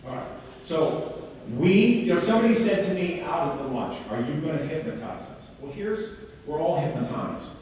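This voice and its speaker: A man leads a live seminar, coaching a volunteer in front of the audience with quick, animated questions. His voice rings with long echo through a large hall and comes from some distance off the mic. A faint hum sits behind him. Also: a little high. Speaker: seminar speaker. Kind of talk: live workshop demonstration with a volunteer. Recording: echoey hall, mic far off.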